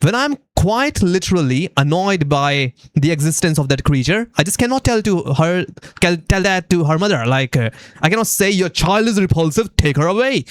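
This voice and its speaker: A man's voice: a little high, animated, moderate pace, clear, resonant tone, no room sound, studio quality. A young man from India telling a comedic story with sarcastic, dramatic delivery and frequent laughs. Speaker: VTuber.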